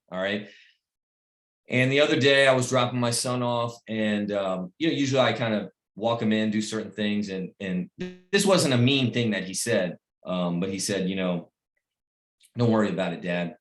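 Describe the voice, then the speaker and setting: A middle-aged man giving a motivational speech to his team on a video call, emphatic and repetitive, swinging between loud pep talk and quiet personal stories. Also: medium pitch, roomy sound. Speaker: team leader addressing his recruits.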